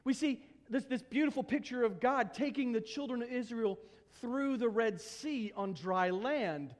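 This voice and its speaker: A pastor preaches a sermon in a high, earnest voice. He stumbles through repeated words and drops humorous asides. His voice carries a long hall reverb in the church. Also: measured pace.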